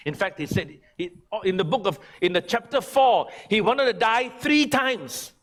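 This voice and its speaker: A male pastor preaching a sermon, swinging from loud, high emphatic lines to quiet, pleading ones. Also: expressive, normal speed. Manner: preaching with big swings from shouting to hushed pleading. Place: church sanctuary.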